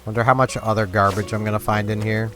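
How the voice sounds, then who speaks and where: A man's voice: lowish voice, little pitch movement, fast. A young man from Canada rambling casually over a video game, full of fillers and restarts. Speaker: gaming video host. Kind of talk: casual gameplay commentary. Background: game music.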